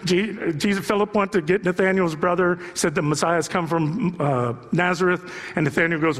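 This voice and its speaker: High-voiced male pastor in a reverberant hall. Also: fairly even intonation, normal speed, fairly bright tone. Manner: conversational and joking, with rhetorical questions to the audience. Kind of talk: sermon. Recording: long reverb from a large hall.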